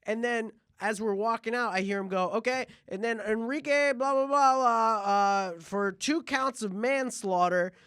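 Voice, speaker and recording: Male podcast host, high voice, animated comic storyteller, dry close mic. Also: measured pace, few pauses, clean tone, no echo. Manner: animated, acts out voices in anecdotes. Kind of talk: comedic storytelling.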